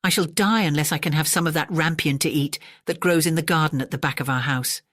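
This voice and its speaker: A miserable young wife speaks softly and wearily, voiced by a woman reading a storybook. Her voice is low and dry, close to the mic. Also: brisk, dry recording. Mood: pining.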